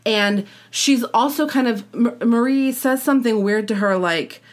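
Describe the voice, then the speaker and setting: A woman's voice: fairly high pitch, normal speed. A woman co-hosting a podcast, chatting casually and reading aloud, rambling with lots of fillers. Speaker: podcast co-host.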